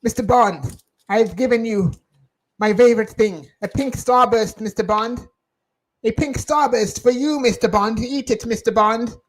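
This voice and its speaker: A man's voice: extremely high pitch, low-quality recording. A man doing a lovestruck melodramatic movie villain. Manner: melodramatic, drawn-out villain speech. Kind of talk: comedy impression.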